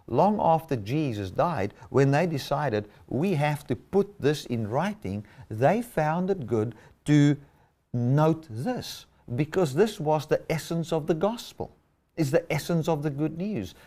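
A man's voice: medium pitch, darkish tone. A man preaching a sermon, reading and explaining scripture with emphatic stress.

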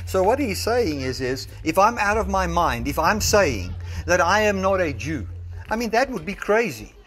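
A South African man delivers a sermon in a slightly higher voice. He reasons through a passage step by step and slows down to stress the scripture he quotes. The sound comes from a phone recording made in a church. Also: very animated, fairly bright tone. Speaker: preacher.

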